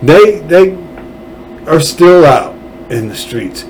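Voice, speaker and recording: A man's voice: on the high side, animated, slow pace, darkish tone, slight background noise, poor audio. A man hosting a political podcast, ranting angrily with sarcasm and profanity. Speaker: podcast host. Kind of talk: political commentary rant.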